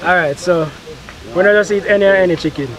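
Jamaican man, somewhat high voice, plain and proud explainer, outdoor cookout. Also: brisk.

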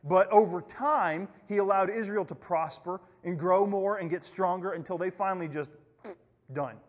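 High-pitched male youth pastor, casual Bible lesson, echoey hall, muffled lo-fi recording. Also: moderate pace. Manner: casual, storytelling, acts out quotes.

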